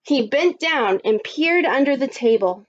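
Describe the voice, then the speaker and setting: A woman teacher reading a story aloud to children, expressive and adding little asides. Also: high-pitched, measured pace, highs cut off. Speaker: primary school teacher.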